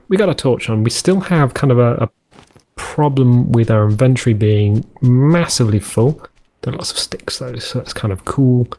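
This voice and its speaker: A man's voice: mid-range voice, darkish tone. A man commenting on a survival game as host, rambling and jokey, often correcting himself as he goes. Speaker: let's play host. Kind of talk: gameplay commentary.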